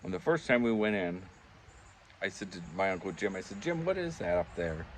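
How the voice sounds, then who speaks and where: A man's voice: low-pitched, lively intonation, fairly quick, a little hiss or hum. An older man telling rambling, chuckling pub anecdotes in a casual vlog, acting out the voices he quotes. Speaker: vlogger. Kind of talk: casual storytelling. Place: backyard pub shed.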